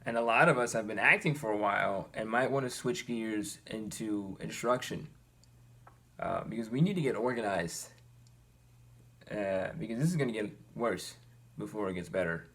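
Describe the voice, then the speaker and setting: A young man earnestly talking to his viewers, animated and exasperated, with his pitch climbing when he gets worked up. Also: normal speed, gravelly. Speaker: vlogger. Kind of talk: personal commentary to camera.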